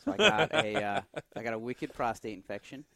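A man's voice: fairly low pitch, sing-song, fairly quick, crowd noise. Man laughing through a story. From Irish heritage. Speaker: podcast co-host. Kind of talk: casual podcast chat, storytelling.

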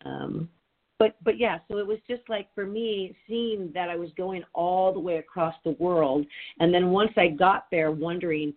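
A woman's voice: on the low side, moderate pace. A middle-aged woman hosting a podcast, telling a story in a rambling, chatty way with lots of "like". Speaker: podcast host. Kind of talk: casual chat. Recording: tinny phone-like sound.

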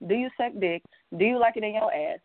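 A woman's voice: mid-range voice, quick pace, crowd noise. A woman in casual podcast chat, talking bluntly and emphatically. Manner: blunt, emphatic, frank about sex. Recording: tinny phone-like sound.

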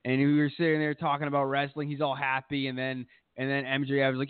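A man's voice: medium pitch, fairly even intonation, brisk, few pauses, no room sound. Profane rambling man on a tinny line. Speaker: podcast co-host. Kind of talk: casual chat. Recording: tinny phone-like sound.

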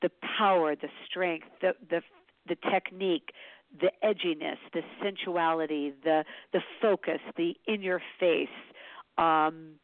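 A woman's voice: on the low side, fairly even intonation, measured pace, dry recording. A woman in her fifties, an interview guest, talking casually and effusively, often restarting her sentences and getting emotional. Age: 50s. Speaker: interview guest, photographer's subject and author. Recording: tinny phone-like line, dry.

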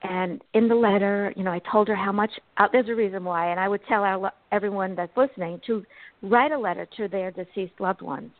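Brief: expressive woman medium, interview guest, dry phone-line sound. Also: medium pitch, a little fast, dry recording. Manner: animated, expressive storyteller. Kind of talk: interview storytelling.

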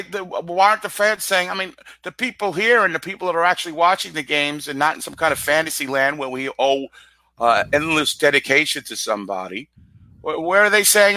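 A man's voice: a little high, brisk, bright, forceful tone, no room sound. A man co-hosting a casual sports radio show, bluntly ranting about his team. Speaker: co-host. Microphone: studio microphone.

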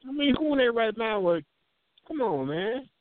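A man's voice: very high voice, normal speed, dry recording. A man co-hosting a radio talk show, telling stories in casual, profane chat. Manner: animated storyteller, swears a lot. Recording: phone-like narrow band.

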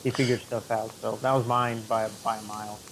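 A man's voice: on the low side, little pitch movement, fairly quick, gravelly, a bit bright, slight background noise, poor audio. Man chatting casually about a film. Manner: rambling, many fillers and restarts. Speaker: podcast co-host. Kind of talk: casual movie review chat.

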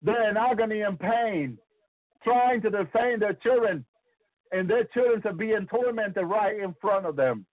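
A man's voice: high voice, expressive, unhurried, dry recording. A man preaching a fervent sermon about his visions, breaking in with hallelujahs and repeating words as he goes. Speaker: radio preacher. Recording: tinny phone-like radio sound.

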